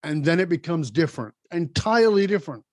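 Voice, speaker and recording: A man's voice: on the high side, animated, quick pace, no room sound. A man hosting a podcast, emphatic and coaching, speaking straight to his listeners. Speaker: podcast host. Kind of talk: motivational interview talk.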